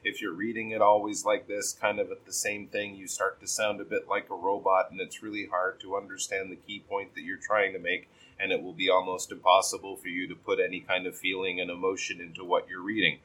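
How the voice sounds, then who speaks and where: Husky low-voiced man coaching pronunciation. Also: level tone, a bit bright, low-quality recording. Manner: patient, explains then models sentences slowly with exaggerated stress. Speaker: pronunciation teacher. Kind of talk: feedback on a learner's reading.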